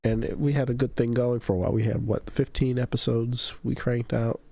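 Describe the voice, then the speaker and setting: A man hosting a casual podcast livestream, telling stories and doing high-pitched voices for the people he quotes. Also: flat delivery, fairly quick, creaky, darkish tone, no room sound. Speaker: podcast host.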